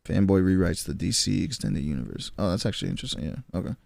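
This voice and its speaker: A young man in his twenties chatting casually on a stream, slangy and rambling, with quick restarts. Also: sits low, sing-song, creaky, a little mellow, dry recording, studio quality.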